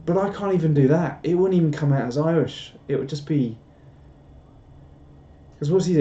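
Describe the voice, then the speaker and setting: A man's voice: a little high, moderate pace, pauses often, mellow. A man chatting casually on a live stream, rambling and self-deprecating as he reads out viewer comments. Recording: dull lo-fi stream audio.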